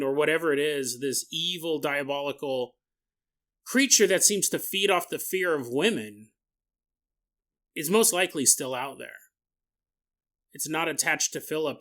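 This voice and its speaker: A man's voice: fairly high pitch, measured pace, a bit bright. A man hosting a podcast, rambling and joking as he spins a story, often laughing. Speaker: podcast host.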